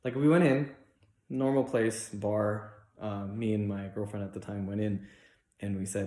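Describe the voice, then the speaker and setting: Young guy doing off-the-cuff standup, lots of "like", does mocking high voices for people, echoey room. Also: animated, a little fast, a little mellow. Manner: rambling storytelling with many likes and restarts; acts out other people in raised mock voices. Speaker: stand-up comedian. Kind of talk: unrehearsed stand-up set.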